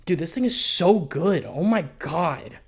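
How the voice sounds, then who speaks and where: Casual, rambling man with a higher voice. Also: animated, unhurried, slightly rough. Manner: rambling, offhand, sprinkled with swearing. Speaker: balisong reviewer. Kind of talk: casual review vlog.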